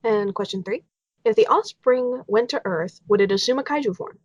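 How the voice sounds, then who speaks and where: A woman's voice: a little high, moderate pace, dry recording. A woman co-hosting a casual Q&A chat, reading out reader questions in a giggly, bubbly way. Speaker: illustrator and co-host reading questions. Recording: dull home mic recording.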